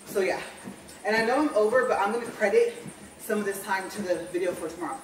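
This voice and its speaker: This woman talks fast in a mid-range voice while vlogging from a treadmill at home, panting a bit as her chatter rambles and self-corrects. It's a casual walk-and-talk, recorded from a distance in a roomy space with slight background noise.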